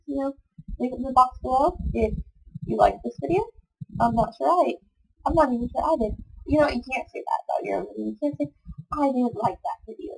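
A woman's voice: vocal fry, a little mellow. A young woman who is sick and sniffling, rambling chattily over a game recorded on her computer mic. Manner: chatty, self-deprecating, meandering. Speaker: gaming vlogger. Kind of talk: rambling casual chat over gameplay. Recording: low-quality home computer audio.

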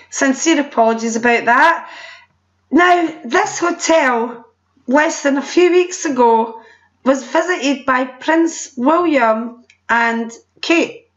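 A woman's voice: high voice, takes it slowly, long pauses. A middle-aged Scottish woman giving a chatty presentation over photos, with laughing, apologetic asides. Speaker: presenter at a sales meeting. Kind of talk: presentation showing holiday photos. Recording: dull lo-fi recording.

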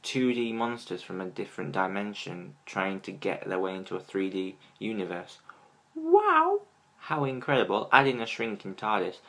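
A man giving a casual fan review of a TV episode, excitable and gushing, with many ums. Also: deep voice, vocal fry.

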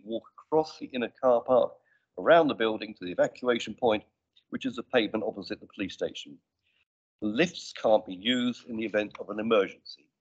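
Male committee chair, brisk procedural delivery on a desk mic in a council chamber, dull lo-fi stream. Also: mid-range voice. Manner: brisk, businesslike with dry asides. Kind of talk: formal meeting procedure. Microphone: desk microphone.

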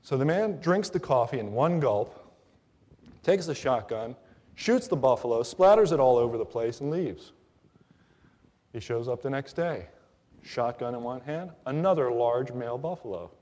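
A man telling a long joke in a meandering way, with restarts and pauses, heard with a long hall reverb. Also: mid-range voice, lively intonation, darkish tone.

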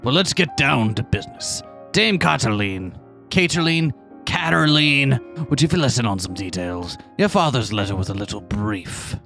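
A man's voice: mid-range voice, big pitch swings, moderate pace, creaky, a bit bright, faint music behind. A man voicing a pompous male falcon lawyer with an exaggerated, bad French accent in a video game playthrough. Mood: grandiose. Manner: over-the-top, theatrical.

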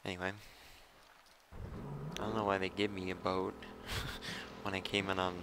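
A man's voice: sits low, level tone, moderate pace, background noise. A man giving casual, rambling commentary while playing a video game, thinking aloud and poking fun at himself. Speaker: let's play commentator.

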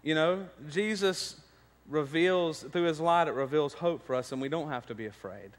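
A man's voice: fairly high pitch, moderate pace, in a large hall. A man, preaching a sermon, telling stories and building to emphatic points. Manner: storytelling, rising to emphatic preaching. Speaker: pastor. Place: church sanctuary.

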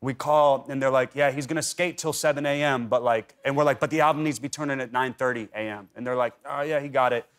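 A man's voice: medium pitch, fairly even intonation, quick pace, few pauses. Rambling young man telling stories. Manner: rambling storyteller, heavy on "like" and restarts. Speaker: talk show guest. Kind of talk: casual chat. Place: TV studio.

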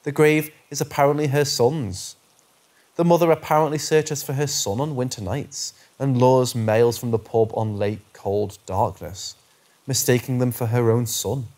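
A man reading true paranormal stories aloud in a steady, measured narration that slows on eerie phrases. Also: mid-range voice. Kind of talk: scripted narration.

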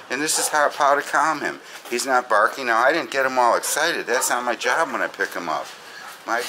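Calm man giving soft dog commands. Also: mid-range voice, moderate pace, very noisy. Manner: calm repeated praise and commands between explanations. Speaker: dog trainer. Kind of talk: demonstrating dog training. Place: indoors and along an outdoor path. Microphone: camera held by a helper.

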